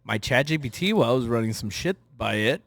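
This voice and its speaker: A man with a South Texas border accent co-hosting a podcast in casual chat, rambling and halting and laughing at himself. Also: mid-range voice, expressive, vocal fry. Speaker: podcast co-host.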